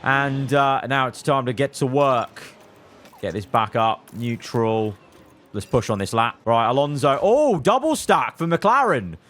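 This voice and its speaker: A young man giving live commentary over his own racing management gameplay. He talks to his drivers as he plays, swinging from low muttering to loud outbursts. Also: sing-song, unhurried. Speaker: gaming video creator.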